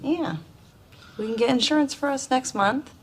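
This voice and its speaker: An actress playing a practical young wife with a teasing, dry humor. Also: female voice, high-pitched, moderate pace, lightly acted. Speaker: sitcom wife and mother. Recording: sitcom audio with background noise.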